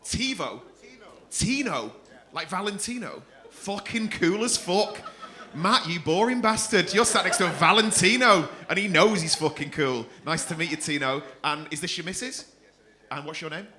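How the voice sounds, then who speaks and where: Male compère on a club stage, high bright voice, cheeky sweary audience banter. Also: lively intonation, normal speed. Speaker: comedy club host. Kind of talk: stand-up crowd work.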